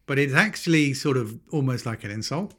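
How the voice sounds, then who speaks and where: A man's voice: mid-range voice, expressive, a little fast, fairly bright tone. A man co-hosting a casual podcast, dry and good-humored, playing along with his co-host's jokes. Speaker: podcast co-host. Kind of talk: casual chat.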